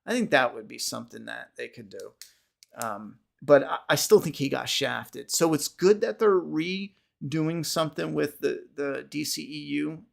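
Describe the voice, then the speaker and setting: Gravelly man rambling on a livestream. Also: on the high side, measured pace. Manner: rambling, frequent restarts, casual swearing. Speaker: podcast host. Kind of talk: casual livestream chat answering viewers.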